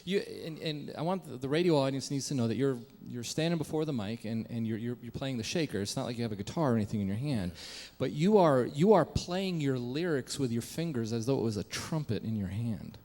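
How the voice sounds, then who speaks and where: A man's voice: mid-range voice, lively intonation, brisk, hardly any pauses, warm tone. A man hosting a live radio show, enthusiastic and folksy, addressing his radio audience. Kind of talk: live broadcast interview. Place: concert stage before a live audience. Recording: long hall reverb, audience around.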